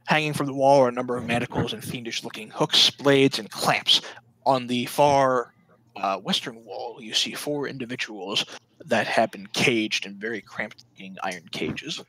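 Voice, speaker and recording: A man's voice: mid-range voice, normal speed, fairly bright tone, no room sound, low-quality recording. A man narrating a tabletop role-playing game as dungeon master, describing scenes and calling turns.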